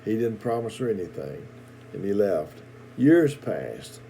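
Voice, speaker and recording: A middle-aged man preaching in a recorded sermon video, telling folksy stories with halting pauses and repeated words. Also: on the low side, very animated, creaky, warm tone, slight background noise, rough recording.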